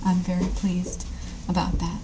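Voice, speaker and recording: A woman's voice: on the low side, completely flat delivery, measured pace, noisy background. A woman author at a live reading, introducing her story with wry, slightly hesitant asides.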